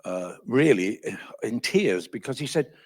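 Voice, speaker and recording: Older male storyteller, husky and animated, self-deprecating. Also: medium pitch, a little slow. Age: 70s. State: voice failing, coughing. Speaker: guest speaker. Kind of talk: anecdotal storytelling at a talk.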